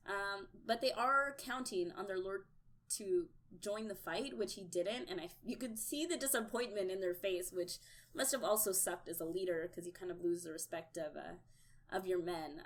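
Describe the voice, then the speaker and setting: A young woman chatting casually as she reviews a TV episode, her voice sitting at an ordinary middle pitch. She talks loosely, scattering "um" and "like" through her sentences and cursing freely when something annoys her. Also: slight background noise. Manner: chatty, full of "um" and "like", swears when worked up. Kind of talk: casual chat.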